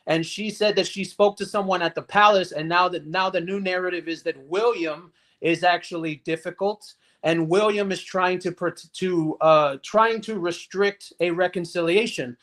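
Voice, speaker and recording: High-voiced man in a casual chat. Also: normal speed, hardly any pauses, fairly bright tone. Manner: conversational, rambling. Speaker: guest on a live stream. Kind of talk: casual live-stream chat.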